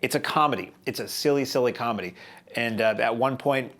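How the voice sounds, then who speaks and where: A male film show host reviews a movie in loose, casual talk. His voice sits at an ordinary middle pitch. He wanders and jokes wryly, with plenty of fillers along the way. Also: brisk, a bit bright. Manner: chatty, wry, rambling with frequent fillers.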